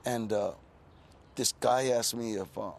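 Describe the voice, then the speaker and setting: Older man, sixties, from California, gravelly delivery, casual streetwise storyteller, faint background hiss. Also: mid-range voice, fairly even intonation, measured pace. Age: 60s. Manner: laid-back, streetwise storytelling with frequent "you know". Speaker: interview guest.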